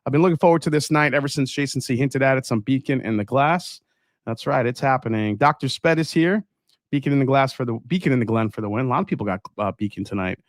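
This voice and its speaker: A man's voice: medium pitch, quick pace, no echo, clean studio sound. A man hosting a casual livestream tasting, upbeat, greeting viewers by name and reading their comments aloud. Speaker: livestream host.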